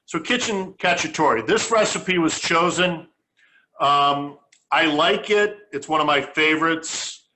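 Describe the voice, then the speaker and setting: Male cooking host, bright crisp timbre, homespun and conversational. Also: on the high side, slow, slight background noise. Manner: chatty, homespun, stops and restarts phrases. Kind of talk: casual cooking demonstration.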